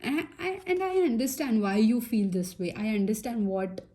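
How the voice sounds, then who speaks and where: A woman giving a casual pick-a-pile tarot reading, chatty and reassuring, full of fillers and soft asides. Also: fairly high pitch, normal speed. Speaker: tarot reader.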